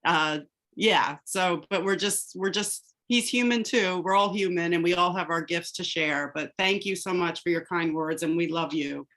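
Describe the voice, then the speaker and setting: A woman's voice: fairly low pitch, normal speed, fairly bright tone. A woman talking plainly and modestly in a casual video-call chat.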